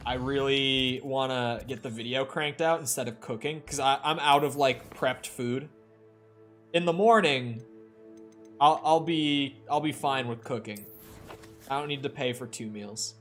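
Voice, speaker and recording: A man's voice: medium pitch, normal speed, a bit bright. Rambling male streamer chatting over gameplay. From Upper Midwest of the United States. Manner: rambling, storytelling asides. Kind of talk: casual chat while playing a video game. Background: faint game music.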